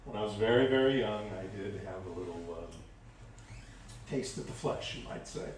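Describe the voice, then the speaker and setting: A man's voice: on the low side, normal speed, darkish tone, a little hiss or hum, pitched below the performer's own voice, lightly acted. A man voicing a curious male priest in a joke he tells during a sermon. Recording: very echoey hall, distant mic.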